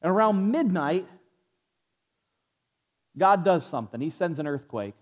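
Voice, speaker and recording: A man with a high voice for a man preaches a sermon to a Bible study group, unhurried and swinging widely in pitch. He stumbles over repeated words as he restarts sentences and pauses to ask his listeners questions. The recording is dull, muffled and lo-fi, with a big-room sound.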